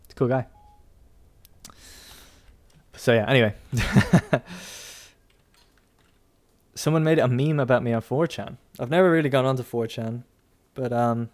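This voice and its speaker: With faint music in the background, a young man chats casually over a strategy game stream, rambling and frequently laughing. He speaks at a normal speed but pauses often, in a mid-range, slightly mellow voice.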